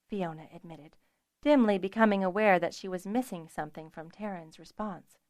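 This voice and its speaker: A woman narrating a fantasy audiobook in an even, measured storytelling voice. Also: medium pitch, no echo, clean studio sound.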